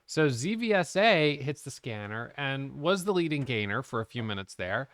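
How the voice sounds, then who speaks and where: Guy going over his trades on charts, smooth clear voice, dry close sound, blunt about his own screwups. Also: mid-range voice, very animated, normal speed, fairly bright tone, no room sound. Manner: frank, self-critical, talks through charts.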